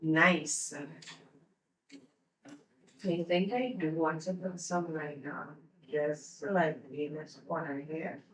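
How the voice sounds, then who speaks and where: A woman's voice: deep voice, steady tone, distant mic. A woman giving a makeup tutorial, talking viewers through each step. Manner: slow step-by-step instructions to viewers. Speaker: beauty vlogger. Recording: roomy, away from the mic.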